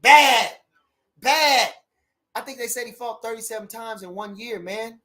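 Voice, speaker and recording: Animated man chatting on a livestream. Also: high-pitched, fairly quick. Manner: animated, repeats catchphrases. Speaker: livestream host. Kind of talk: casual livestream chat.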